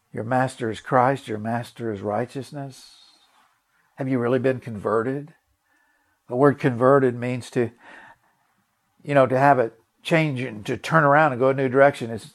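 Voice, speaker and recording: A male preacher delivers a sermon at an ordinary pitch. He talks in an earnest, emphatic way and often repeats his words. He puts direct questions to his listeners as he tells a story from his own life.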